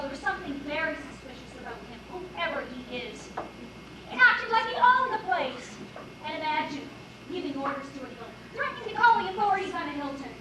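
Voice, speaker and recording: A woman's voice: extremely high pitch, background noise. A woman playing a prim, snobbish niece. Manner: gossipy, prim, suspicious. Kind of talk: amateur stage acting. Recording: distant stage voice in echoey hall with audience.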